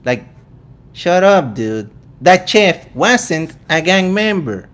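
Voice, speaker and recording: A man's voice: high-pitched, sing-song, a bit bright. A man from Venezuela with a Venezuelan accent, hosting a casual vegan commentary show in a joking, incredulous way. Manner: incredulous, joking, quick asides. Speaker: vegan channel host.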